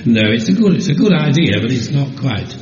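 A man's voice: medium pitch, big pitch swings, fairly quick, darkish tone. A man preaching a sermon and joking playfully with his congregation. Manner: jokey, teasing, playful with the congregation. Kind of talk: sermon with audience banter. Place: church hall. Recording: roomy hall, lo-fi recording.

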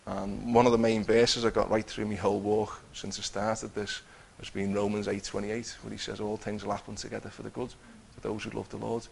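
Guy telling his faith story, earnest, lots of restarts, gravelly, faint room hum behind. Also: on the low side, little pitch movement, a little fast, hardly any pauses. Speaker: testifying believer. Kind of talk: personal testimony.

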